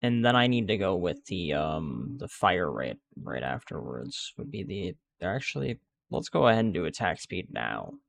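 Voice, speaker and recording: A man with a lowish, gravelly voice chats his way through a video game. His delivery is animated in pitch but loose, full of restarts and filler words. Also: normal speed. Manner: rambling, restarts sentences, many fillers. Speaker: gaming video creator. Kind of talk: casual gameplay commentary.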